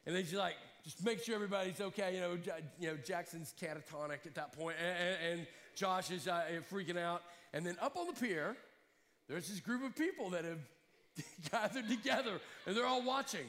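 A man's voice: high-pitched, fairly quick, fairly bright tone, long reverb tail. A man from Alabama, telling a rambling story in a sermon with many restarts.

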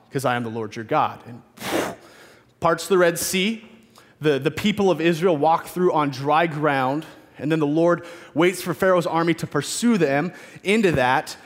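A man's voice: fairly high pitch, long reverb tail. A man preaching a sermon, retelling scripture in casual modern speech and voicing the figures in it.

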